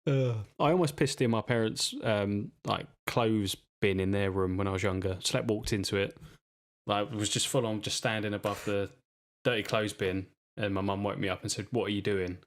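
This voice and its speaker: A man's voice: fairly low pitch, steady tone, normal speed. A man sharing a short story in a casual podcast chat, in a dry, understated way. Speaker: podcast co-host.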